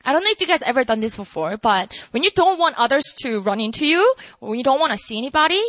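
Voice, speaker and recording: Animated high-voiced woman preacher. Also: dry recording. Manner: animated, talks to the congregation with asides. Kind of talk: casual, conversational sermon.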